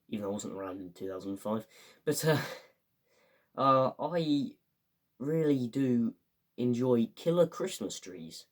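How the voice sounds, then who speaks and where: Rambling young lad. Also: male voice, mid-range voice. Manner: rambling, filler-heavy, enthusiastic, acts out quotes. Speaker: fan reviewer. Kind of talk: casual spoken review.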